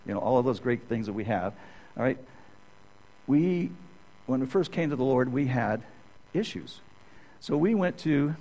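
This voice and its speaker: A man's voice: mid-range voice, a little mellow, poor audio. A middle-aged man preaching a sermon in a conversational way, often checking in with the listeners by asking "okay?".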